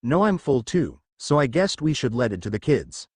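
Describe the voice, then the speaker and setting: A humble, gentle mother from a fan fiction story, voiced by a man in his own plain voice. Her lines move up and down with lively intonation, and the recording sounds dry and close. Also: medium pitch, moderate pace, slightly rough, no room sound. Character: humble kind mother, middle-aged woman.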